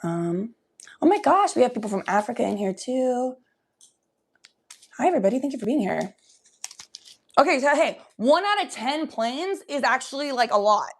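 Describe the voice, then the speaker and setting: A young woman hosting a casual livestream from her room at home, talking loosely, high and coughing from smoke. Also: expressive, normal speed, long pauses. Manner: loose, chatty, often coughing between lines. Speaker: livestream host. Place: home bedroom.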